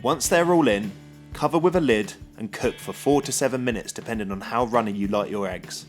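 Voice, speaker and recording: A man calmly narrating the steps of a recipe as a voice-over for a cooking channel. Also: medium pitch, a little fast. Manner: calm, instructive. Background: guitar music.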